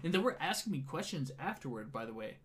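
A little hiss or hum sits under a man's fast, high-leaning voice with big swings in pitch. In a casual chat with a friend he relays a wild night, swearing heavily and playing out the dialogue.

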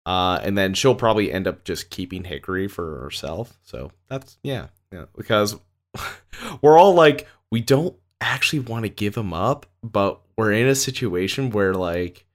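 A man's voice: lowish voice, animated, normal speed. A man from Canada co-hosting a podcast, chatting casually and rambling with lots of fillers. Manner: laid-back, rambling with many fillers. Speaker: podcast co-host. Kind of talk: casual chat.

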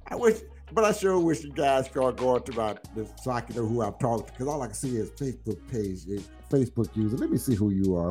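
A man's voice: mid-range voice, a little mellow. A middle-aged man, teasing his viewers in boisterous, laughing trash talk on a live stream. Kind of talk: casual live-stream banter.

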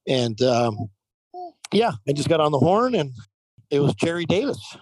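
A man who works as a professional baseball umpire, telling lively stories in a casual interview with many fillers. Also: fairly high pitch, unhurried, no room sound, low-quality recording. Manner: animated anecdotal telling, frequent fillers.

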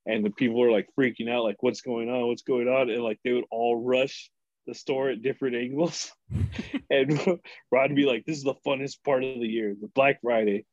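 A medium-pitched man speaking at normal speed shares stories from his retail days in casual podcast storytelling. Animated, he acts out the characters' voices and swears a lot. The sound is lo-fi with no room sound.

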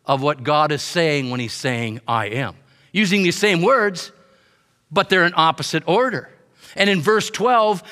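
A man delivers a teaching sermon in a bright, forceful voice that sits a little high. He builds his points through emphatic repetition. His words ring out with a long reverb in a large church hall. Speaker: pastor.

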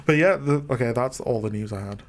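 A man's voice: mid-range voice, brisk. Chatty laughing man hosting. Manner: chatty, laughs often, keeps the talk moving. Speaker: podcast host. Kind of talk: casual chat.

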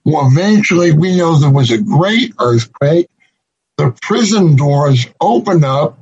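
A man delivers a sermon at an unhurried, measured pace, his voice slightly husky and pitched a little above the usual. The recording sounds dull and lo-fi. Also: animated, darkish tone, faint music behind. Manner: slow, deliberate preaching with emphatic repetition. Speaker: preacher.

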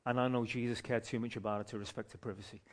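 A man, a street pastor telling a story from the pulpit in an animated way, often restarting his phrases. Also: mid-range voice, racing. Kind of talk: sermon testimony storytelling.

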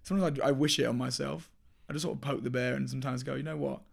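A man's voice: medium pitch, steady tone, rapid-fire, gravelly. A man co-hosting a podcast in casual chat, probing with question after question. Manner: probing, keeps asking questions. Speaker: podcast co-host.

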